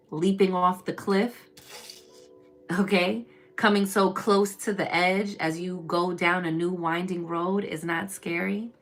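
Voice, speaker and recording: A woman chats and preaches her way through a casual spiritual tarot reading on a live stream. She calls listeners "baby" and "y'all," and her delivery jumps from loud, emphatic bursts to low murmurs.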